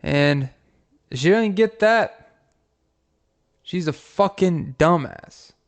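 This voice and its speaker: A man's voice: fairly high pitch, animated. Rambling, profane male podcast host. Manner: rambling, profane, with filler pauses. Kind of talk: comic storytelling.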